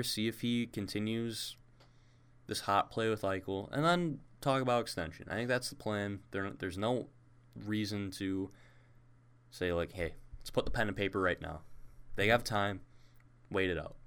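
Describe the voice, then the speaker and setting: A man with a low, smooth, resonant voice, hosting a casual sports chat. He talks in opinionated, animated bursts. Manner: animated, opinionated, quick bursts when worked up. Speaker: podcast host.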